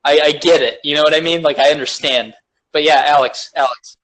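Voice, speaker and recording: A young man co-hosting a podcast in a rambling casual chat, full of fillers and loud laughs. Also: on the high side, steady tone, a little fast, low-quality recording. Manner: rambling, laughs loudly, lots of "like". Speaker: podcast co-host.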